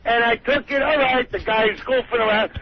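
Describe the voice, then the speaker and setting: Brash high-voiced man on a muffled phone line. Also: steady tone, normal speed. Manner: brash, confrontational tough-guy talk. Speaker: celebrity caller. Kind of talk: phoned-in radio banter. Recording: muffled phone call on radio.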